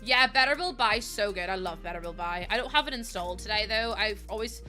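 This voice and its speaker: Young woman, casual streamer chatter, bright and crisp tone, soft music underneath. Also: mid-range voice, a little fast. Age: young adult. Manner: chatty and rambling, reacting to chat messages. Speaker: livestreamer. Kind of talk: casual livestream chat while playing a game.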